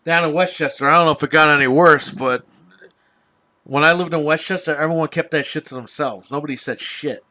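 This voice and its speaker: Podcast host, male, raised tone, sharp edge, swears freely while venting. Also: on the high side, fairly quick. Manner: profane, exasperated storytelling. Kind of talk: casual ranting chat.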